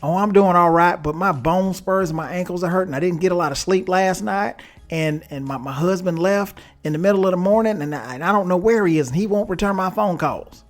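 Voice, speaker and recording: A man's voice: sits high, brisk, faint music behind, voice pushed up, natural voice. A man putting on a twangy southern receptionist lady. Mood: complaining. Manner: complaining rush of personal troubles. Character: sweet chatty southern woman receptionist who complains a lot.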